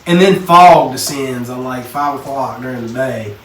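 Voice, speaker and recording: A man from Texas, co-hosting a casual podcast chat and telling animated stories. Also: medium pitch, normal speed. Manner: storytelling, animated. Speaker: podcast co-host. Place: basement. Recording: echoey room, mic at a distance, faint noise.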